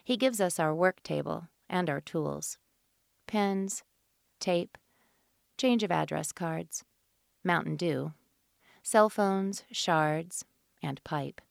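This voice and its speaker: A woman audiobook narrator reading scripted fiction in a measured, even delivery into a studio microphone. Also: fairly low pitch, vocal fry, no echo.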